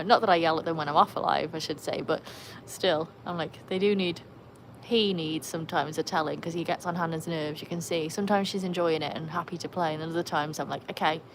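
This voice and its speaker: A woman's voice: low-pitched, a little hiss or hum, poor audio. A British woman hosting a casual live stream by a pool, chatting to viewers and her dogs. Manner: chatty, reads out comments, coaxes dogs. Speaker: livestream host with dogs. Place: outdoors by a pool. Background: splashing and dogs barking.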